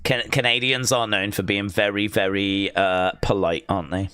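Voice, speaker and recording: A man's voice: on the low side, steady tone, normal speed, bright, forceful tone, clean tone, dry recording. Chatty Englishman reading viewer comments. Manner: rambling, reads viewer comments aloud and reacts. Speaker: live-stream host. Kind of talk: casual watch-along chat.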